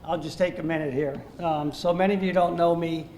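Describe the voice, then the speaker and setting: A man in his sixties, an Army veteran, giving halting, self-deprecating remarks at a gala. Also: a little high, fairly even intonation, darkish tone, a little hiss or hum. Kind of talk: informal remarks to an audience. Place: banquet hall at an evening gala.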